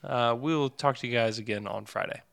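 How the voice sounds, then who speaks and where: A man's voice: mid-range voice, a little fast, vocal fry, a bit bright, no room sound, clean studio sound. A man hosting a sports podcast, chatting casually with fillers and self-corrections. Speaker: podcast host.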